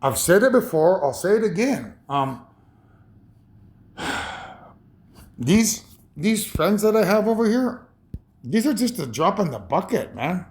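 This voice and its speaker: A man in his fifties talking in a rambling, emotional personal monologue, halting and repeating himself. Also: high voice, very animated, darkish tone. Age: 50s. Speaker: vlogger.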